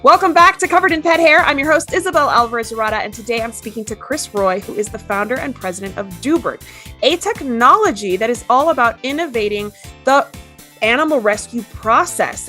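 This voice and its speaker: A woman hosts an interview podcast, her voice pitched a little high. She reacts with effusive enthusiasm. Faint music plays beneath her. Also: expressive, brisk, bright, forceful tone. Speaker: podcast host.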